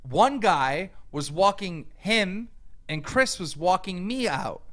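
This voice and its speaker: Man, angry profane rant, bright sharp voice, wildly animated pitch. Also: takes it slowly. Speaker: YouTube commentator. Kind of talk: heated rant.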